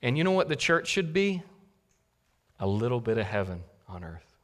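A man's voice: mid-range voice, big pitch swings, moderate pace, big-room sound. A male pastor preaching a sermon in a conversational way that builds to emphatic peaks. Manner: conversational, warm asides, rising to emphatic peaks.

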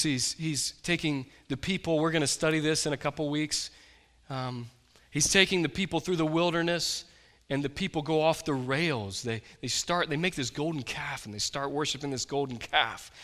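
Bright-voiced impassioned preacher man. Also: fairly high pitch, normal speed, long reverb tail. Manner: impassioned preaching, swinging from loud to hushed. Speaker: pastor. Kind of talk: sermon. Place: church.

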